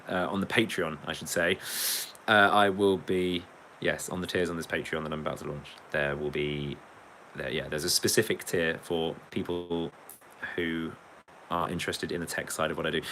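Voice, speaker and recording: This livestreaming musician is an English man with a low-sitting, fairly bright voice and a moderate pace. Rambling and sweary, he cracks jokes and reads out comments from his chat. The audio is rough, with a little hiss or hum.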